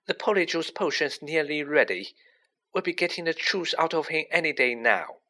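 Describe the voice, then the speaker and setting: A man's voice: on the high side, lively intonation, moderate pace, sharp tone, pitched above the performer's own voice. A man reading aloud and voicing a clever, bossy schoolgirl witch in a storybook, with an eager and precise manner. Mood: brisk.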